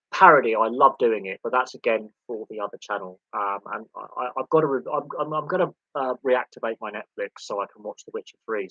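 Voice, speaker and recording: A man's voice: mid-range voice, bright, forceful tone, no echo. Rambling man on a lo-fi mic. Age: 30s. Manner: rambling, with many fillers and restarts. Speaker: sports channel host. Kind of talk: casual live-stream chat.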